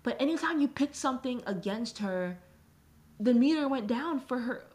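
A woman's voice: high-pitched, moderate pace. A young adult woman hosting a podcast, ranting casually about a video game, swearing freely and filling her talk with "like". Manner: animated, swears freely, frequent "like" fillers. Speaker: podcast host.

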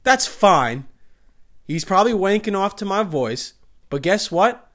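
Brief: young guy, slightly high voice, crude rambling comic monologue. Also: big pitch swings, a little slow, a bit bright. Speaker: comedic storyteller. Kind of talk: profane comedic monologue.

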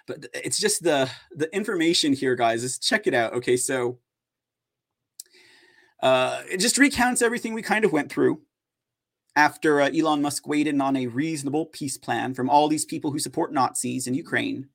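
A man's voice: a little high, lively intonation, moderate pace, creaky. A man hosting an opinion news show, talking in a sarcastic, mocking way.

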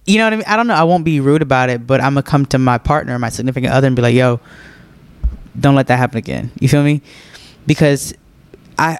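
A man's voice: mid-range voice, clear, resonant tone, no echo, studio quality. A laid-back young man hosting a podcast, chatting casually and answering listener questions, laughing often and leaning on filler words. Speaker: podcast host.

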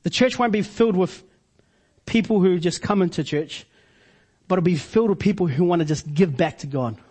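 Husky high-voiced preacher. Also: male voice, a little mellow. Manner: preaching with slow emphatic repetitions. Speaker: pastor. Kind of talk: sermon.

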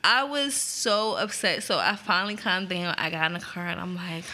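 A woman, a podcast co-host telling a story in casual chat, profane and animated, laughing often. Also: lowish voice, normal speed.

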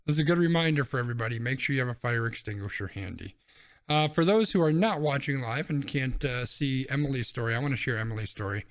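A man's voice: mid-range voice, lively intonation, fast talker. A man hosting a podcast, chatting casually and ranting bluntly, with some swearing. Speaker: podcast host.

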